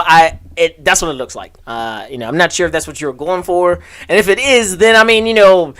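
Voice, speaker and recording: A man's voice: on the high side, a bit bright, clear, resonant tone. A man hosting a casual live stream as a comic artist. He gives feedback in a rambling way, filling his talk with "you know" and "like". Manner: laughs often while reading.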